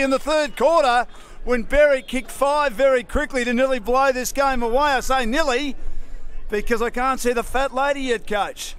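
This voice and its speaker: Australian man calling football, high-pitched. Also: steady tone, smooth. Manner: rapid play-by-play, rising to shouts at key moments. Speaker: play-by-play commentator. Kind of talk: live local football commentary. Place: outdoor commentary position at a suburban football ground.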